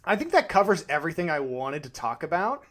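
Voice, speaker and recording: A man co-hosting a podcast, chatting casually, animated and quick to swear as he acts out reactions. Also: on the high side. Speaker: podcast co-host. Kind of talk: casual chat.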